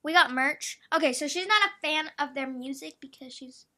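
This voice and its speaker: A young woman, the host's daughter, chatting excitedly and giggling through a casual family conversation. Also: high voice, normal speed.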